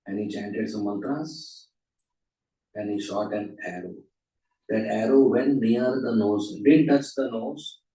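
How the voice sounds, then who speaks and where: Brief: unhurried male class speaker with a mellow voice and animated storytelling, recorded far from the mic in a roomy hall. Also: mid-range voice. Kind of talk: storytelling lecture. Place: temple hall.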